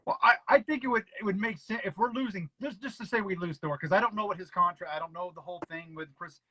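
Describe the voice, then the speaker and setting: A man hosting a casual podcast chat, eager and quick, often stumbling over his words. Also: high-pitched, bright, forceful tone, dry recording. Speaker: podcast host. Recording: dull dry lo-fi sound.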